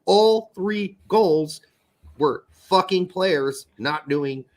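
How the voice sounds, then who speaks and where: A man co-hosting a podcast, chatting casually about a soccer match, animated and swearing freely. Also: sits high, very slow. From Netherlands. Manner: animated, swears, acts out quotes. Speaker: podcast co-host. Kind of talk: casual sports chat.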